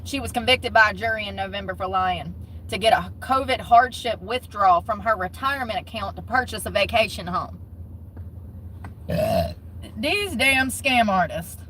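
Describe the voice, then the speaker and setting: Blunt, bright-voiced woman vlogger. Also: medium pitch, moderate pace, a little hiss or hum, low-quality recording. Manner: blunt, profane, mocking. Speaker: commentary vlogger. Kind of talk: casual commentary.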